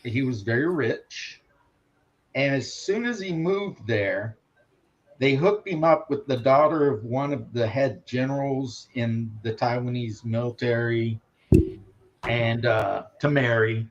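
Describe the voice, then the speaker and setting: Dude rambling thru a family story, kinda dry, muffled lo-fi audio. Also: male voice, mid-range voice, slow. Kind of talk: casual chat. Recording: dull lo-fi sound.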